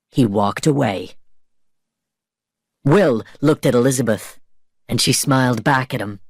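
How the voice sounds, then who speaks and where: Slow expressive storybook narrator, male. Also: medium pitch, no room sound, studio quality. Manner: slow, clear, expressive reading. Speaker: reader of a graded story.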